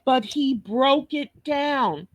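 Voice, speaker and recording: Slow, profane New York woman ranting. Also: sits high, no room sound. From Brooklyn, New York. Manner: blunt, cursing, scolding rant. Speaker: reaction video host. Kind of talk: profane reaction commentary.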